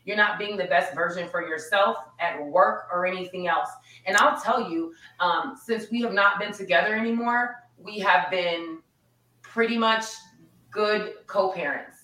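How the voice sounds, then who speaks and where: A woman's voice: medium pitch, unhurried, distant mic. A woman hosting a podcast, speaking in an encouraging, upbeat way and reading out listener comments. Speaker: podcast host. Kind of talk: casual chat. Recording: bright echoey room, a bit off-mic.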